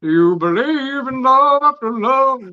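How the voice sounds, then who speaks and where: A man's voice: sits high, normal speed, gravelly. A man doing a light impression of a famous female pop diva, on lo-fi remote audio. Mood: gracious.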